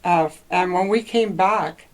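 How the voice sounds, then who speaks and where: A woman's voice: fairly low pitch, slow pace, low-quality recording. A woman in her seventies from northwestern Ontario, reminiscing in a casual oral-history interview and often laughing as she rambles. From northwestern Ontario, Canada.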